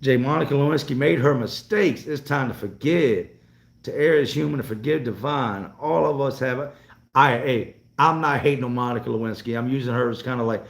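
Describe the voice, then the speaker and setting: Reading viewer comments during a casual live stream, a North Carolina vlogger in his 40s talks bluntly and profanely in a loose, rambling style. He has a medium-pitched voice, and the recording sounds roomy and echoey.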